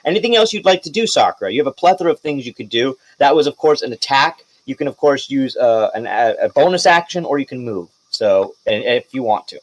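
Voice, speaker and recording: A man's voice: medium pitch, lively intonation, fast, hardly any pauses, no room sound, poor audio. A man narrating as game master of a tabletop game, casual and loose, swearing and laughing now and then.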